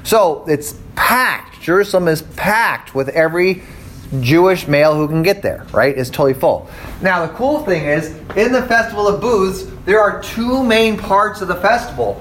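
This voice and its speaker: A man's voice: high voice, expressive, normal speed, fairly bright tone, slight background noise. A man teaching a Bible class in a casual lecture style, conversational and often checking in with his listeners. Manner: conversational, checks in with "okay?" and "right?".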